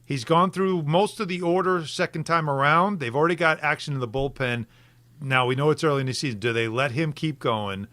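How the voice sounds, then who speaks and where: A man co-hosting sports talk radio, animated and fond of rhetorical questions. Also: a little high, brisk, no room sound.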